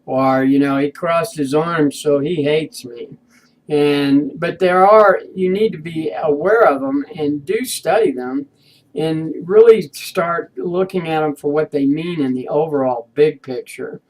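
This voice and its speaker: Male instructor, slightly high voice, casual unscripted lecture delivery with frequent restarts. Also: a little mellow, low-quality recording. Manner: halting, frequent restarts and fillers; conversational, explains with everyday examples.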